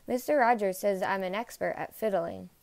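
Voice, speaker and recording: A woman's voice: medium pitch, moderate pace, a little mellow, dry recording, lightly acted. A woman voicing a cheerful, literal-minded housekeeper in a storybook read-aloud, with an earnest, chirpy manner.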